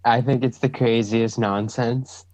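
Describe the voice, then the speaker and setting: A man's voice: mid-range voice, fairly even intonation, unhurried, a little mellow, no room sound, rough recording. A laid-back man co-hosting a podcast over a video call, mostly chiming in with short agreement. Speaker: podcast co-host.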